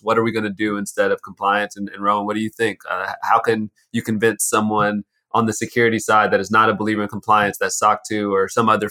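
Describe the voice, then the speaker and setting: Guy hosting a podcast, low-ish monotone voice, bright tone, asks his guests questions. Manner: steers the talk with questions. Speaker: podcast host. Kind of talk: casual podcast moderation.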